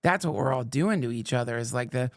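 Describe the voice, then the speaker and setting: Man, gravelly voice, profane storyteller, dry sound, podcast chat. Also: medium pitch, expressive, a little fast, no room sound. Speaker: parent. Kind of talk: casual podcast conversation.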